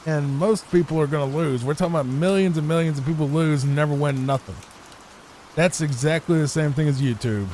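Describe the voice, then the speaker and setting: A fairly high, somewhat mellow male voice comes through a home desk microphone, a little fast and with slight background noise. This gaming YouTuber improvises sleepy, rambling commentary over his gameplay, often repeating himself.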